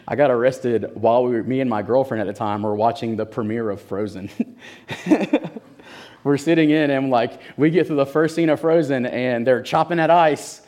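A young man in his twenties preaching from a pulpit, telling a personal story with laughs and lively quoted voices. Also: mid-range voice. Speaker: church speaker giving testimony. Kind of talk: sermon storytelling.

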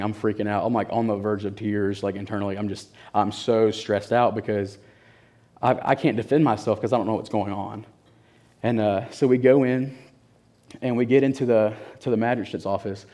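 A young man in his twenties preaching from a pulpit, telling a personal story with laughs and lively quoted voices. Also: fairly low pitch. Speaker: church speaker giving testimony. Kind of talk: sermon storytelling.

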